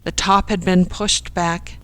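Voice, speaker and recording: An audiobook narrator reading a comic story in a steady storytelling manner. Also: medium pitch, takes it slowly, no echo, low-quality recording. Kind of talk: scripted narration.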